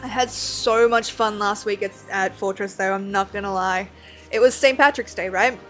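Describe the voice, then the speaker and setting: A woman's voice: medium pitch, moderate pace, fairly bright tone, soft background music. A woman streaming a game and chatting casually, rambling and self-deprecating, with lots of fillers. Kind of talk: casual chat while playing.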